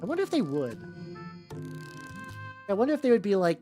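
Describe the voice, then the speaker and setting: A man's voice: high voice, huge pitch swings, racing, long pauses, mellow. A man streaming casually while he paints miniatures. He rambles, swears freely and often restarts his sentences. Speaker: VTuber streamer. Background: faint background music.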